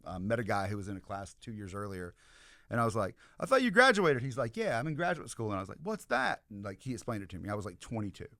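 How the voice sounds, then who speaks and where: A man's voice: on the low side, racing, a bit bright, no room sound, studio quality. A man, rambling through stories as a podcast guest, full of "like" and "you know". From American South. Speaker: podcast guest, comedian and history professor. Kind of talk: casual podcast storytelling.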